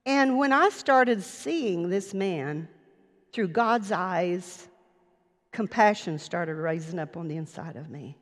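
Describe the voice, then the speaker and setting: A woman's voice: lowish voice, expressive. A woman preacher telling a personal story in an earnest sermon, recorded in a church sanctuary. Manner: personal anecdote, earnest, slow. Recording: long reverb of a church hall.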